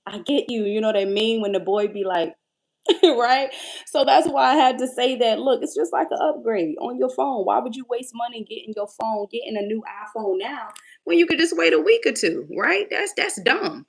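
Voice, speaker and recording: A young woman coach giving a casual inspirational faith talk in a lively, conversational, preachy way. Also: a little high, normal speed, vocal fry.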